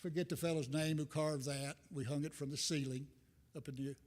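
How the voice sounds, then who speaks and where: An older man delivers a loose, folksy sermon, drifting between thoughts with self-deprecating humor. His voice sits a little high for a man. It rings out with a long reverb through a church sanctuary. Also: steady tone, a little fast, a little mellow, slight background noise. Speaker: visiting minister. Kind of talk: informal sermon.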